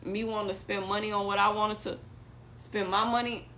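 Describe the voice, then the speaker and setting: A young woman telling a story in casual chat, animated and acting out what others said. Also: mid-range voice, a little fast, slight background noise. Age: young adult.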